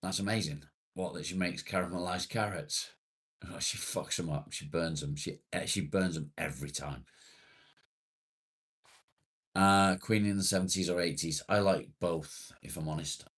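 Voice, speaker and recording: Deep-voiced swearing English man chatting live. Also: fairly even intonation, moderate pace, a bit bright. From England. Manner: blunt, swears freely, chatty. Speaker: livestream host. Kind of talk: casual live chat reading comments.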